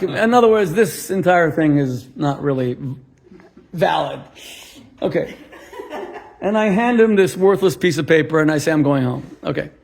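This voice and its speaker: A man's voice: fairly high pitch, creaky, darkish tone. A middle-aged male rabbi telling a story in a sermon, acting out both sides of a conversation and landing punchlines. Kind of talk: storytelling sermon to a live audience.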